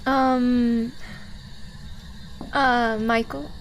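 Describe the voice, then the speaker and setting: A woman's voice: a little high, level tone, drawn-out words, slight background noise, poor audio. A woman streaming a game, chatting casually, giggling and teasing her teammates while guiding them. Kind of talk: casual gameplay chat.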